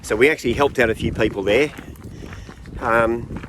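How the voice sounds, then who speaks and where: A man, chatting casually in a travel vlog while walking outdoors, easygoing and relaxed. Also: medium pitch, normal speed, a little hiss or hum. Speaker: vlogger walking a pilgrimage trail.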